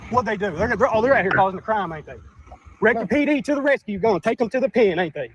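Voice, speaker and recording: High defiant man on a noisy street. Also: expressive, fast talker. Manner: defiant, stammering. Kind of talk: arguing with police.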